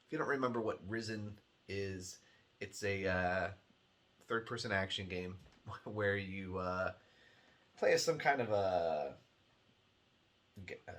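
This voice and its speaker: With a lowish, fairly bright voice, a man rambles through casual commentary on his weekly video game release show. He's sardonic, cusses freely and laughs a lot.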